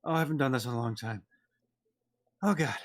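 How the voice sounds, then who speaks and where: A man's voice: mid-range voice, brisk, natural voice. A man voicing a winded, weary older man who sighs, puffs and rambles reluctantly. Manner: sighing, puffing, rambling.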